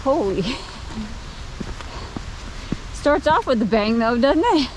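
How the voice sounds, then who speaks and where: A woman's voice: high-pitched, very animated, darkish tone, rough recording. An older woman chatting casually as she films a hike on a forest trail and points out the sights. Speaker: vlogger. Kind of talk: casual hiking vlog narration. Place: outdoor forest trail by roaring water. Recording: outdoor camera audio with clear rushing-water noise.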